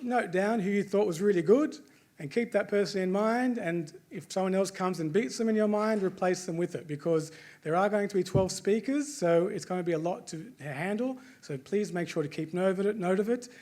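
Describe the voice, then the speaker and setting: A man's voice: sits high, darkish tone. A man with an Australian accent, hosting a live event and addressing the audience in a chatty, joking way. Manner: jokey, chatty, asks the crowd questions. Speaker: event host.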